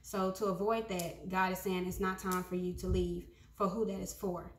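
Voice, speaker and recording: A woman's voice: on the low side, level tone, normal speed, reverberant. A young woman giving a casual prophetic message to her followers, talking conversationally with many ums and repeated phrases. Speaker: prophetic speaker.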